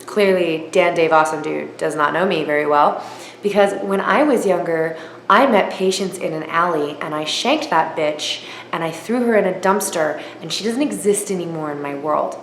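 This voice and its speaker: A woman telling a comic story in a vlog, self-mocking and lively, jumping high in pitch when she quotes herself. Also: normal speed. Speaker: aquarium hobbyist vlogger. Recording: roomy echo with faint noise.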